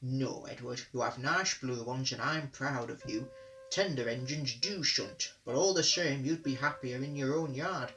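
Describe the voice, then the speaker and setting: A man's voice: mid-range voice, measured pace, bright, forceful tone, rough recording. A man voicing a stern, pompous male railway boss in a storybook reading, firm and commanding. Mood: kindly.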